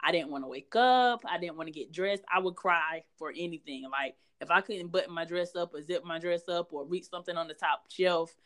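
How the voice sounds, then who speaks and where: Woman, guest author; candid, conversational, low-pitched, lots of fillers. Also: brisk, few pauses, a bit bright. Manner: frank, chatty, many fillers.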